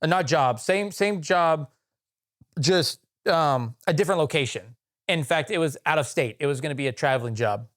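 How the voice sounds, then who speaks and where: A man's voice: a little high, normal speed, a bit bright. A young man co-hosting a podcast, telling a work story in a rambling way with many fillers and restarts. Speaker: podcast co-host. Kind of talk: casual storytelling chat.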